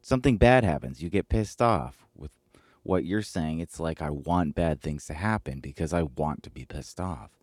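A man's voice: a bass voice, expressive, normal speed, a little mellow, no echo, clean studio sound. A man voicing an angry, impatient friend who snaps and gets defensive, with a raised, agitated delivery. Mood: exasperated.

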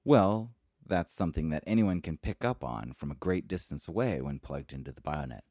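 A man's voice: a bass voice, expressive, normal speed, a little mellow, dry recording, clean studio sound, exaggerated voice. A man voicing a friendly, awkward android that rambles eagerly with little hesitations. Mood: chatty.

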